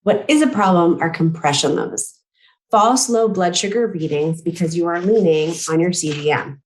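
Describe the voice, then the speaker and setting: A woman nearing forty reading a prepared conference talk in a measured, careful way, now and then clearing her throat and correcting herself. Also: lowish voice, poor audio. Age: late 30s. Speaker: patient speaker at a medical conference.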